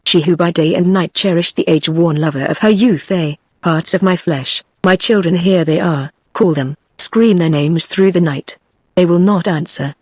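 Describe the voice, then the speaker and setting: A text-to-speech woman's voice with a British English accent, reading the lines of a grief-crazed, bitter old male astronomer in an even, synthetic way. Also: fairly low pitch, moderate pace, breathy edge, no room sound. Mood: wild grief. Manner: even synthetic reading, little change between characters.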